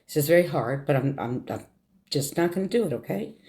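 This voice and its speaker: A woman's voice: low-pitched, expressive, vocal fry, dark tone. Emotional middle-aged woman holding back tears. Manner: tearful, halting, repeats words while holding back tears. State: fighting tears. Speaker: vlogger. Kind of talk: emotional story time.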